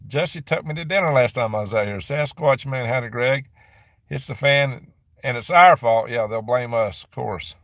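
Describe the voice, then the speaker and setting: A man's voice: mid-range voice, fairly bright tone, no echo, clean studio sound. Chatty man hosting a live stream. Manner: rambling, chatty, answers comments with quick laughs. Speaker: livestream host reading viewer chat. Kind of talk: casual live chat. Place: dim room at his rural property.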